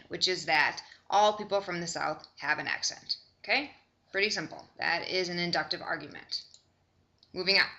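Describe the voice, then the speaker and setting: A woman's voice: on the low side, pushed and bright. A young woman from Chicago giving a recorded online lecture, conversational and often checking in with "okay?". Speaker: course instructor.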